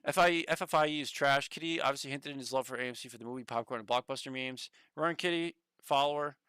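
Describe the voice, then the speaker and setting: A man casually chatting on a stock market livestream, excitable, swearing now and then and reading the chat aloud. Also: mid-range voice, quick pace, clear, resonant tone, no echo.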